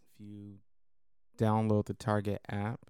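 A man's voice: fairly low pitch, completely flat delivery, slow pace, darkish tone, smooth, no echo, studio quality. A man co-hosting a podcast who chimes in with wry, teasing comments in a casual chat. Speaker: podcast co-host.

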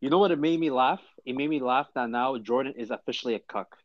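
A man co-hosting a podcast in casual chat, animated and full of "like" and "I'm like". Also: mid-range voice, fast, no room sound, lo-fi sound. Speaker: podcast co-host.

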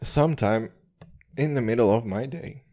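A man's voice: medium pitch, moderate pace. A young man from Kazakhstan, telling a heated story in a casual rant, swearing constantly and calling everyone dude. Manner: heated, animated, laughs at his own story.

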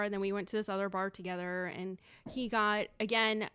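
A woman's voice: medium pitch, moderate pace, a little hiss or hum. A woman with a Boston accent telling a story casually as a podcast guest, with lots of fillers. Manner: animated storyteller, many fillers.

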